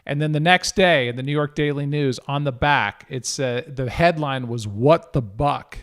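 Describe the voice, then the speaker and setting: A middle-aged man, a guest broadcaster, telling a story in casual chat with a lively, self-deprecating manner. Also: a little high, moderate pace, clean tone.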